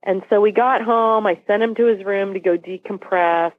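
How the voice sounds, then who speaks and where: A woman podcast guest with a mid-range voice vividly retells a personal story, acting out what people said. Her intonation is fairly even and her speed normal, heard over a dry, phone-like line with no room sound.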